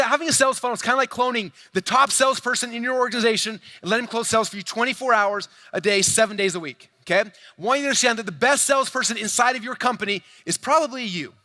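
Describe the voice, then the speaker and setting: Energetic male convention keynote speaker in his 40s, rapid pitch-heavy delivery, high-pitched and punchy. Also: dry recording. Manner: fast, hyped, addresses crowd directly, acts out quoted dialogue. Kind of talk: energetic stage presentation. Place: large convention hall stage.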